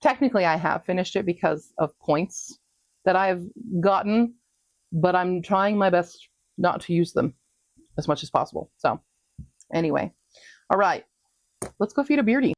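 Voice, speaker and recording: A woman casually talking through her reading progress in a home vlog, chatty and quick to laugh. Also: on the low side, animated, dry recording. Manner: chatty, laughs often, talks to her pets. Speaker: book vlogger.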